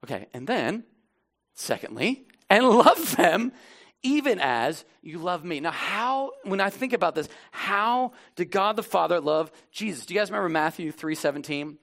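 A man preaching a sermon in a church, impassioned, swinging between loud emphatic lines and low, intimate asides. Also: very animated, normal speed. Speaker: pastor.

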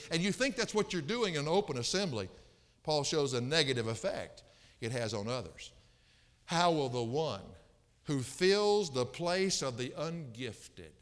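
Animated man preaching in a reverberant hall. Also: a little high. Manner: emphatic, repeats phrases for stress. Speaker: pastor. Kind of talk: expository sermon. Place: church sanctuary.

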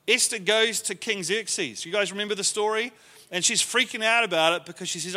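A man's voice: high voice, brisk, bright, forceful tone, big-room sound. A man teaching a leadership class to a group in a conversational way, often acting out the lines he quotes.

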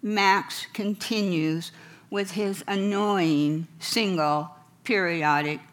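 A middle-aged woman speaks in an unhurried, measured way, telling stories from her life and her counseling work. Her delivery is wry and gently humorous, with a mid-range voice. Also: medium pitch, slight background noise. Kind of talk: storytelling talk.

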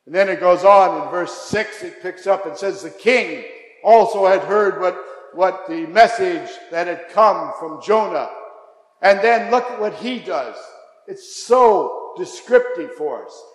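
A man preaching a sermon, impassioned, dropping to a hush and then rising again. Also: high voice, a little slow. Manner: impassioned, swings from hushed to raised. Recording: echoey hall.

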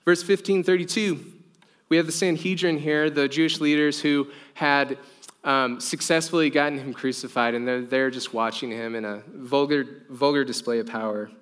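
A man's voice: mid-range voice, steady tone, moderate pace, fairly bright tone, clear, resonant tone. A young man preaching a sermon in an earnest, conversational way, with casual fillers. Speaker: pastor.

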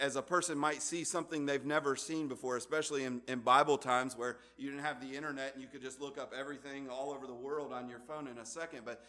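A man's voice: on the high side, sharp tone. A man preaching a sermon to a congregation, emphatic, with frequent restarts and rising exclamations. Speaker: pastor.

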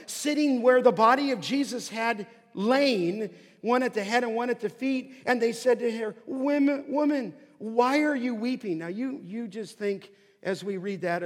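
A man preaching a sermon, swinging from hushed asides to emphatic, rising lines. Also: high-pitched, breathy edge. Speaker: pastor. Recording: long hall reverb.

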